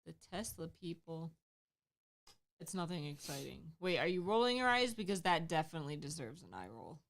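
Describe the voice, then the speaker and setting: A woman's voice: deep voice, very animated, fairly quick, creaky. A woman co-hosting a casual livestream, chatting candidly and laughing lightly as she talks. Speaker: livestream co-host.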